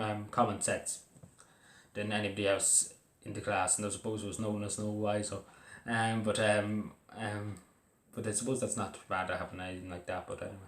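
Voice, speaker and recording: A young Irish man talking casually about his own school days, halting and full of fillers and restarts. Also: fairly low pitch, steady tone. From Ireland. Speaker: vlogger. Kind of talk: casual personal talk to camera. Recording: echoey room.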